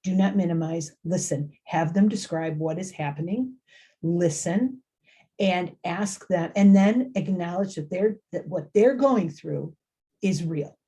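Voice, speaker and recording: A middle-aged woman giving an informal talk to parents, lively and conversational, often acting out quoted lines and repeating phrases for emphasis. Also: lowish voice, a little slow. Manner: animated, acts out quoted voices, repeats phrases. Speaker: family engagement speaker.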